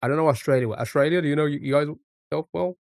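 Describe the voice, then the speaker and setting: A man's voice: on the high side, fast talker, creaky, dry recording, studio quality. A man streaming a guessing game, thinking aloud in a rambling way full of restarts and fillers. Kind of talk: casual live-stream commentary.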